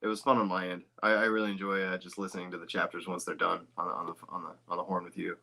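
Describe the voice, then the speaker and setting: A man with a very deep voice that still sounds bright and forceful up front. He rambles loosely through a casual podcast chat, tossing in swears and side remarks. The talk stays relaxed and offhand. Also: rapid-fire, creaky. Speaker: guest voice actor.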